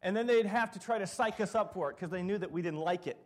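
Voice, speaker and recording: A man's voice: high-pitched, fast talker. A middle-aged man preaching a sermon, telling funny stories and acting out what people said. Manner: storytelling, humorous, acts out quotes. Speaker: pastor.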